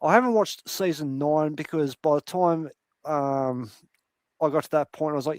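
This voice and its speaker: A man's voice: a little high, unhurried, no room sound. A man in casual chat on a panel show, ranting and swearing freely about TV shows. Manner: heavy swearing, animated rants. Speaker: podcast panel host.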